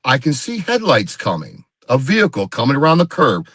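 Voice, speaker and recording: A man's voice: medium pitch, wildly swooping pitch, brisk, a bit bright, breathy edge, no room sound. A man, a guest on a live video call, telling a story in a rambling casual way and acting out what others said. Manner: rambling, repeats himself, acts out quoted dialogue. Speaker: guest Bigfoot researcher.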